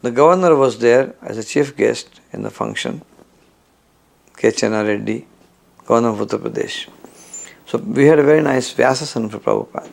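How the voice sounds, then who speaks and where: A man recounting memories of his spiritual teacher, acting out the quoted lines with a louder, higher voice. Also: gravelly. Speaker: devotee recalling memories. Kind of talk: storytelling reminiscence.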